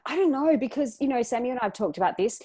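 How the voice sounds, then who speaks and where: A woman's voice: on the high side, expressive, fast talker, warm tone. Earnest, reflective woman guest. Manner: earnest and reflective, many restarts. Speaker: podcast guest. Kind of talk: casual chat.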